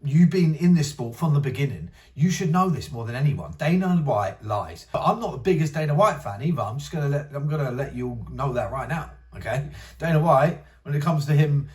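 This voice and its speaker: A man's voice: fairly high pitch, animated, brisk, a little mellow, far from the mic. A young man hosting a casual commentary channel, ranting in an exasperated, rambling way and mocking others in whiny voices. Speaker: MMA commentary channel host.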